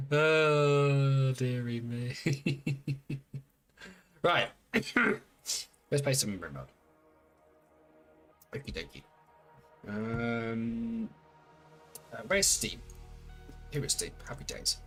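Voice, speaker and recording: A man's voice: on the high side, bright, forceful tone. A man streaming a game, chatting casually with viewers in a playful, teasing, rambling way full of fillers and restarts.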